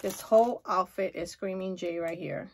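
A woman chatting excitedly and gushing as she shows off a shopping haul in a casual vlog. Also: on the low side, normal speed, slight background noise. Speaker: haul vlogger.

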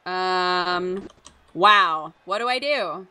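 Slow-talking woman reacting to game moves. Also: fairly low pitch, pushed and bright, clean tone, soft background music. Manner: drawn-out reactions, short exclamations. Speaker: opposing player. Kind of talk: casual gameplay chat.

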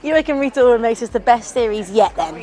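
A woman's voice: fairly high pitch, lively intonation, fast talker, mellow. Chirpy woman interviewer. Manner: chirpy, teasing questions. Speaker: entertainment interviewer. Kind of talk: upbeat presenter interview. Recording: crowd behind.

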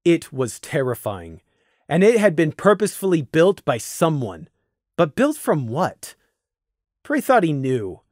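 A man narrating a storybook with a lively, swooping delivery that rises and falls through every sentence. His voice sits slightly high for a man, recorded close and dry with no room behind it. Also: a little slow, no echo. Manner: expressive, dramatic reading. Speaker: audiobook narrator. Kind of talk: scripted fan fiction narration.

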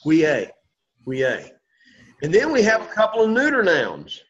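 This Greek teacher has a high, fairly bright voice with huge pitch swings and talks a little fast. He patiently drills the class in call-and-response, having them repeat his words, on a dull lo-fi classroom recording.

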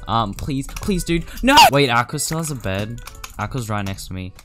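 A teenage gamer talks through his match in a mid-pitched voice, lurching from mumbled asides to sudden gasps and yelps. He pleads and frets at the screen. Soft music and keyboard clicks sit quietly behind him. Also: normal speed. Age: teens. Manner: excitable, gasping, pleading, jumping between loud yelps and mumbles. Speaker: gaming YouTuber. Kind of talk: live gameplay commentary.

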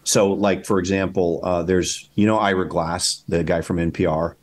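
Very deep-voiced man, halting and thoughtful. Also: fairly even intonation, a little mellow. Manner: thoughtful, halting, many fillers and restarts. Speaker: guest, documentary filmmaker and teacher. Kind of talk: casual conversation.

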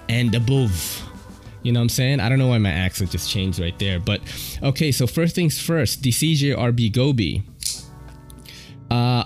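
Laid-back slangy New man. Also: medium pitch. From New York City. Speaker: knife review vlogger. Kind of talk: casual off-the-cuff product review. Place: home, at a table.

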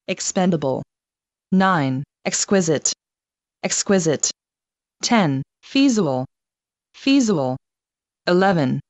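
Slow, measured woman reading word lists. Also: lowish voice, no room sound, highs cut off. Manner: reads each word twice, measured and even. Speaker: vocabulary reader.

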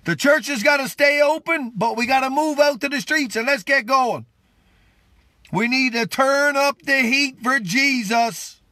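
Excitable high-voiced preacher. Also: male voice, a little slow, no echo. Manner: excitable, exclamatory, fervent. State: worn out. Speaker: street preacher hosting a live stream. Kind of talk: impromptu livestream preaching and greetings.

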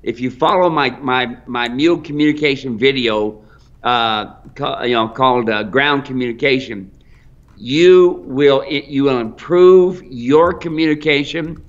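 A man's voice: mid-range voice, unhurried. A man with an American accent who owns a mule ranch, giving folksy training advice on a live stream and calling viewers folks. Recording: dull lo-fi live stream audio.

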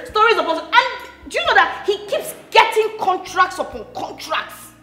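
An actress with a Nigerian accent playing a hot-tempered, scornful wealthy stepmother who mocks and scolds loudly. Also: very high-pitched, very animated, moderate pace, heavily acted. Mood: complaining. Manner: loud, mocking and scolding. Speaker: film actress. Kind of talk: Nollywood film acting. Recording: echoey room with faint music.

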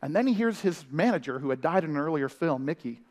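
A male family pastor preaching in a lively, storytelling way, with quick humor and playful impressions. His voice sits high for a man. It rings out with the long reverb of a large hall. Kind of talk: sermon. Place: church. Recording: live sermon in a reverberant hall.

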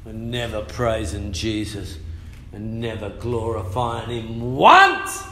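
A middle-aged man, preaching a fiery sermon in church, sometimes shouting. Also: on the low side, sing-song, slow, slight background noise. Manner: fiery, shouting and humming out rhythms. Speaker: pastor. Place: church hall. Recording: echoey church hall.

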